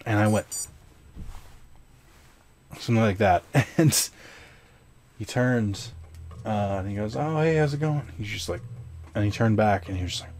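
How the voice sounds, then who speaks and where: A man's voice: lowish voice, fairly even intonation, measured pace, pauses often, darkish tone, faint music behind. A young man telling a casual work story, rambling with many fillers, profane and sarcastic asides.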